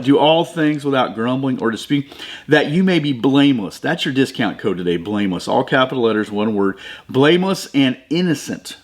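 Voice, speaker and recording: A middle-aged man from the American Midwest runs a devotional podcast, speaking a little fast in an expressive mid-range voice. His conversational tone builds repeatedly into emphatic, preacher-like passages.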